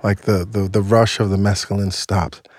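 A man telling a personal story in a casual, animated way, swearing now and then and acting out what people said. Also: on the low side, moderate pace. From United States. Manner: animated, swears, acts out quotes. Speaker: guest storyteller.

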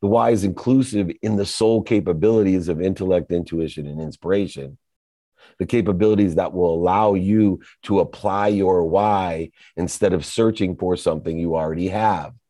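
Deep, mellow-voiced man giving motivational talk. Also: normal speed, no room sound. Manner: emphatic, rhythmic lists with sudden swells in pitch. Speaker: motivational speaker. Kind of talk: motivational monologue.

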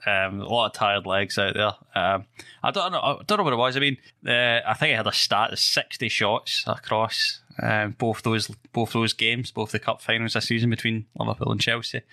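Casting: Scottish male podcast host, slightly hoarse, casual and laughing. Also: lowish voice, normal speed, bright, forceful tone, no echo, studio quality. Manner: laughs often, says mate a lot. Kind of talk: casual chat.

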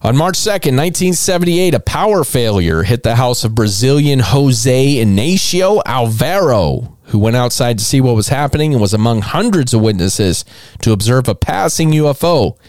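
Irreverent male podcast host, animated delivery, swears freely, dry close sound. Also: medium pitch, normal speed, no room sound. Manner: irreverent, mocking, swears often, laughs at own material. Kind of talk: comedic storytelling podcast.

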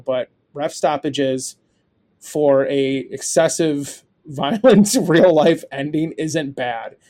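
A young adult man co-hosting a podcast, chatting casually and telling animated, profane stories. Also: medium pitch. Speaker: podcast co-host.

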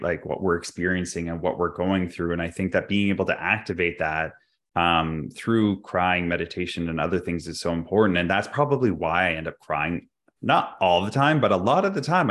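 A man's voice: deep voice, fairly bright tone. A man co-hosting a podcast, talking candidly and reflectively in casual chat. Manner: candid, reflective, quick to laugh. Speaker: podcast co-host.

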